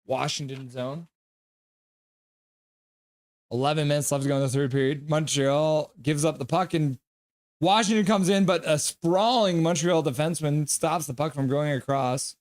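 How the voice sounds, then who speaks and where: A man's voice: medium pitch, a little mellow, dry recording. A young man hosting a live stream, calling hockey play-by-play in a jokey, chatty way and reading viewer comments aloud. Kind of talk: live play-by-play and chat reaction.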